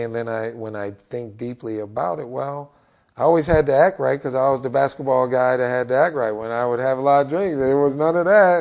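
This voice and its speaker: Middle-aged coach guy, gravelly voice, tells it animated and does everybody's lines. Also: medium pitch. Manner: animated storyteller acting out other people's lines. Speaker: head basketball coach, podcast guest. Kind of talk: candid storytelling in a podcast interview.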